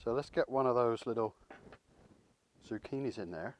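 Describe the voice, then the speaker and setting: An English man chats his way through a home cooking demonstration, easygoing and a bit rambling. He talks to the camera like a friend, with an ordinary middle pitch. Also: moderate pace, a little mellow, slight background noise. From England. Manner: chatty, rambling, self-deprecating. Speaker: cooking channel host.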